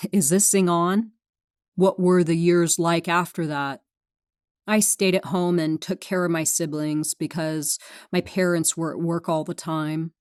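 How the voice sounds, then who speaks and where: A low-voiced woman reads her memoir as an audiobook, speaking frankly and with a sardonic, dry wit. The recording is close and completely dry, with no room sound. She is from California. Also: no echo. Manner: frank, sardonic, dryly funny. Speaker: memoir narrator.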